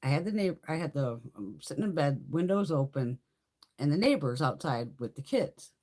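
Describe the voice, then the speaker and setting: A woman chats her way through a live makeup try-on, loose and unfiltered, cursing freely and laughing often. Her pitch swings widely as she tells her stories. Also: expressive, moderate pace, dark tone. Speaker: beauty livestream host. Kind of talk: casual chat during makeup try-on.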